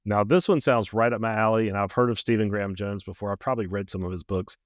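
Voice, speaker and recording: A man co-hosting a podcast, his voice sitting low. He chats in a relaxed, casual way, reading blurbs and laughing easily. The sound is close and dry with no room in it. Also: fast talker, no echo. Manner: relaxed, reads book blurbs aloud with frequent "uh"s and easy laughs. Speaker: podcast co-host.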